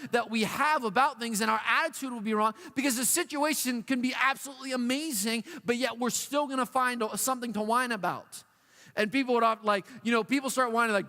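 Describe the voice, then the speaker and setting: A high-voiced man preaches to a room of young people, playful and animated as he acts out whining voices. His words ring out with a long hall reverb. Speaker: youth pastor. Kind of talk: youth sermon.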